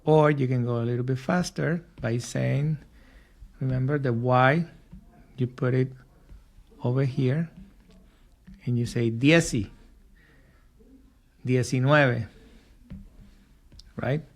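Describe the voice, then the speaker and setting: Slow, patient male language teacher. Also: mid-range voice, fairly even intonation, darkish tone. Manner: patient, repeats and drills words. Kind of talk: slow spoken lesson for learners.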